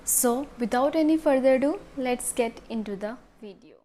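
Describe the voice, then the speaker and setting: A woman explaining how to pronounce words, repeating each one slowly and carefully. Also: high voice. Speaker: pronunciation teacher. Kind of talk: instructional video explanation.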